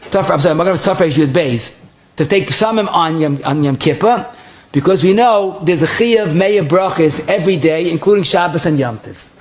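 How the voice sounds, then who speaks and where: Man giving a fast, lively Torah class. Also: sits high. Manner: quick, conversational, sprinkles Hebrew and Yiddish terms, restarts often. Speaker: rabbi giving a halacha class. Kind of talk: Torah lecture.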